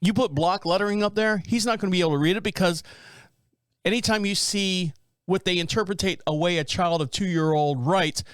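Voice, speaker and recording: Podcast host, male, high voice, close dry mic, rambling blunt storyteller. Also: brisk, fairly bright tone, clear, resonant tone, no room sound. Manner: rambling, blunt, joking, reads a story aloud with asides. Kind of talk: casual storytelling commentary.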